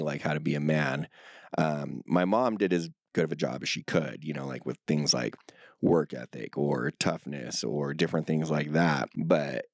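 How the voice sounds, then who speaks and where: A man in his thirties, a Spanish speaker, telling stories in a relaxed, casual interview, full of filler words and swearing. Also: extremely low pitch, no echo, clean studio sound. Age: 30s. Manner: laid-back storytelling, heavy filler words and swearing. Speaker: guest.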